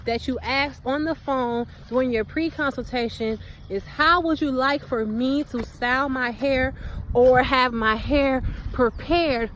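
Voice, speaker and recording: A young woman giving casual vlog advice in an animated, chatty, slangy way. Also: sits high, unhurried, a little hiss or hum, rough recording. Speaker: hair vlogger. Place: outdoors walking.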